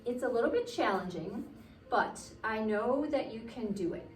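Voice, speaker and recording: A woman guiding children through a yoga class, gently encouraging and playful, sometimes making animal noises. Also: on the high side, lively intonation, moderate pace, recorded from a distance. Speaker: kids' yoga teacher. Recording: roomy sound from away from the mic with soft music.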